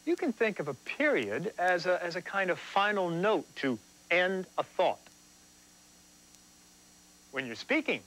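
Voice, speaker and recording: A man's voice: fairly high pitch, sharp tone, poor audio. A man hosting a scripted TV writing lesson, explaining things in a dry, self-deprecating way. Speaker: teacher and host.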